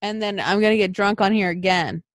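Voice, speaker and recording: A young woman co-hosting a podcast, venting and swearing in casual chat, lurching between mumbles and loud outbursts. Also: mid-range voice, steady tone, a little fast, no echo, studio quality. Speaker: podcast co-host.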